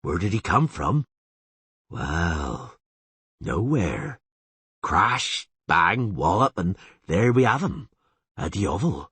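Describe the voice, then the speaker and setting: Man reads elder, slow and earnest, husky. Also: sits low, sing-song, fairly bright tone, no room sound, heavily acted. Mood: plodding. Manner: slow, plodding, folksy speech. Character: rustic old male peasant elder, slow and earnest.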